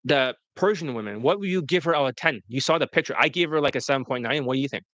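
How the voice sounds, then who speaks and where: A man's voice: medium pitch, fast talker, fairly bright tone, dry recording. A man, a dating coach, telling stories to an interviewer in a blunt, profane, rambling way. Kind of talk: casual storytelling to an interviewer.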